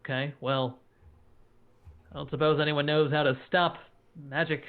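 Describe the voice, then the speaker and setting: A man playing a tabletop game, giving brisk, commanding orders when he speaks in character. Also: on the high side, little pitch movement. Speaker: player. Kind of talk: tabletop game play over a call. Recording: tinny phone-like call audio.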